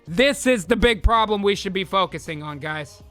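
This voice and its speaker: A man's voice: high voice, expressive, moderate pace, a bit bright, soft background music. A man hosting a podcast, ranting about foreign policy with lots of swearing and direct appeals to his listeners. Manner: heated, swearing, rants at the audience. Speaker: podcast host. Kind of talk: profane political commentary.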